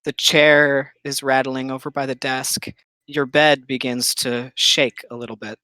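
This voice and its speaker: A game master narrating a tabletop game, setting eerie scenes slowly and with pauses. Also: medium pitch, flat delivery, bright, forceful tone, clean tone, no echo, low-quality recording.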